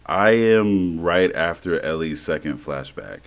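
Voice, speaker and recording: A man co-hosting a podcast in casual chat, animated and slangy, laughing often and swearing freely. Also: low voice, measured pace. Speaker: podcast co-host.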